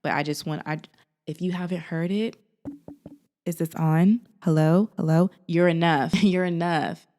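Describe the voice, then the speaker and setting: A woman with a lower voice talks straight to her viewers in a casual, encouraging vlog. She is animated and sassy, swinging from playful asides to heartfelt encouragement like a big sister. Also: measured pace. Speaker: faith and lifestyle vlogger. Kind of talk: casual encouraging talk to camera.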